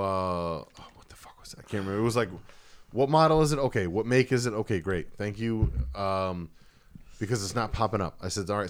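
A man's voice: lowish voice, smooth. A man with an East Coast accent telling a heated story on a podcast, swearing freely. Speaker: podcast co-host. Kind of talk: casual podcast chat.

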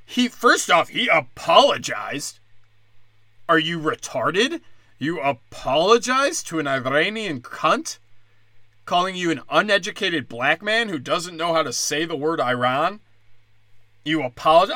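A man's voice: a little high, very animated, sharp tone, dry recording, studio quality. Angry, crude ranting young man. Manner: angry, sarcastic, crude, fast swings into mocking voices. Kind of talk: profane ranting commentary.

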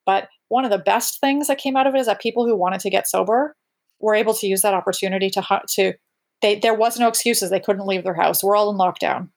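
A woman in her thirties speaks as a guest in a casual conversation, at an ordinary pitch. Her talk is candid and rambling, full of restarts and breaks in mid-sentence. She tells it plainly, as personal talk. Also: quick pace. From Canada. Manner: candid, rambling, self-interrupting.

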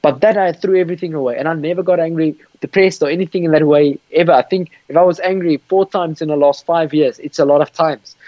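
A man's voice: a little high, fairly even intonation, quick pace, hardly any pauses, no room sound. A man on a video call telling his faith testimony with passion, often repeating words and restarting sentences. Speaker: guest sharing his testimony. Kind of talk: earnest storytelling on a call. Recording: dull, dry call audio.

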